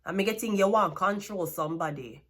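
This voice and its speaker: A woman's voice: medium pitch, a little fast, fairly bright tone. Blunt Jamaican woman scolding. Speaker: tarot card reader. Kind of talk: tarot reading rant.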